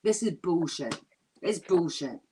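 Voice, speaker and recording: Woman comic, sweary animated rant, lively pitch, faint background noise on a video call. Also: a little slow. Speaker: comedian guest. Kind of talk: drunken ranting comedy chat.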